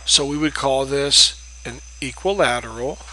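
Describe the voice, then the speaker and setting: A man's voice: medium pitch, measured pace, sharp tone, a little hiss or hum, poor audio. A man teaching a math lesson in a patient, explanatory way, repeating key terms and checking in with "okay?". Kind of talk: recorded classroom lecture.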